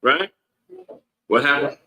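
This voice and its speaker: Preachy guy teaching bible class, bright sharp voice, echoey room. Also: a little high, animated, slow. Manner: preachy, asks the room "right?" over and over.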